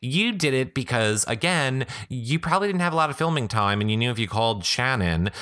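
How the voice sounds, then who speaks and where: A man hosting a podcast, reading blogs with comic commentary, animated and interrupting himself with quick asides. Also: mid-range voice. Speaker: podcast host. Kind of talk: comedic blog reading with commentary. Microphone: podcast microphone.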